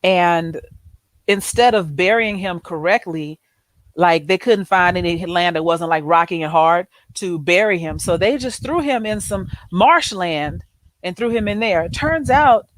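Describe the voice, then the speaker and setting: A woman's voice: on the low side, a little slow. A woman hosting a show, telling a story in a casual chat style and acting out the people in it with changed voices. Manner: animated, acts out quoted people in changed voices. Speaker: host.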